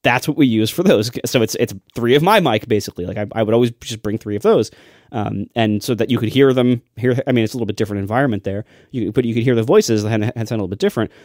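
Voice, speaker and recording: A man's voice: mid-range voice, no room sound, clean studio sound. A man co-hosting a casual tech podcast, explaining at length with lots of fillers. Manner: fast, animated explaining with many fillers. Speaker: podcast co-host and editor.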